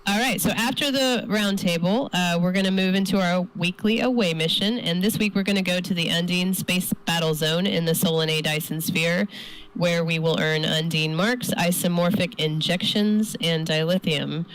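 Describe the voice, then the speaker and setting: A woman co-hosting a podcast in casual chat, talkative and quick to laugh. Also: lowish voice, fairly even intonation, rough recording. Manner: chatty, laughs often. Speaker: co-host.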